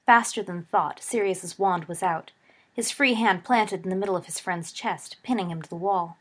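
A woman narrating a story aloud in an expressive storytelling read. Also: on the low side, normal speed. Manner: expressive, shifts voice for dialogue. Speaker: audiobook narrator.

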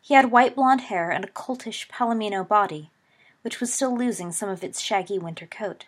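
Husky woman reading a story. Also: medium pitch, normal speed. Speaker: narrator. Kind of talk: storybook narration.

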